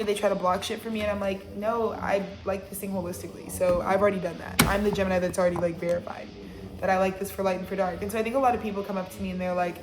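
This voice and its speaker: A woman's voice: mid-range voice, level tone, very fast, roomy sound, noisy background. A woman giving a casual, rambling tarot reading, talking bluntly and swearing freely. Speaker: tarot reader.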